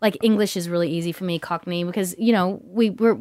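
A woman's voice: fairly low pitch, fast, no room sound. A woman in her thirties with an Australian accent, an actress chatting casually as a guest and often laughing. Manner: animated, laughing, slips into put-on accents. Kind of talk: casual interview chat.

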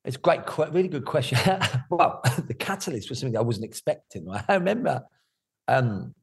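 A middle-aged man, talking candidly about his life in an interview, animated and swearing freely. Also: mid-range voice, normal speed, husky. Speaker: guest.

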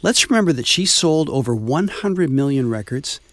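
A man co-hosting a music radio show, easygoing and quick to laugh. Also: mid-range voice, expressive, fairly bright tone, no echo, clean studio sound. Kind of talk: casual chat and scripted setup.

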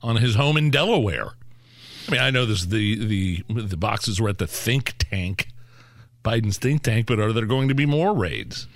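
A man's voice: lowish voice, lively intonation, normal speed, no room sound. A man co-hosting a political talk show, sarcastic and exasperated, often stumbling and repeating words. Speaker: co-host.

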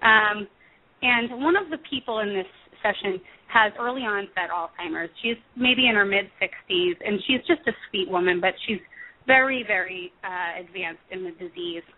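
A woman, a music therapist, talking earnestly in an interview, pausing with frequent ums and restarts. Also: medium pitch. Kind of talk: conversational interview over the phone. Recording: tinny phone line.

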